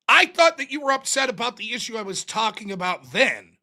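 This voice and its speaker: A man hosting a live call-in stream, talking casually and animatedly, often sounding exasperated and mocking. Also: high voice. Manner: animated, exasperated, quick to mock. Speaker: livestream host.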